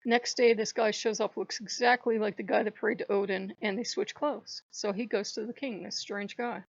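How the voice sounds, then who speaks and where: A woman hosting a casual spiritual vlog, telling a rambling, animated story and laughing often. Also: medium pitch, normal speed, no room sound. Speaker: channel host. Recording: dull lo-fi dry recording.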